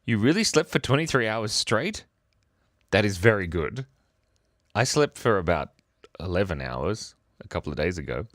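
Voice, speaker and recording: A man's voice: lowish voice, sing-song, normal speed, fairly bright tone, dry recording, clean studio sound. A man hosting a casual livestream chat, playful and silly, often giggling. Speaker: livestream host.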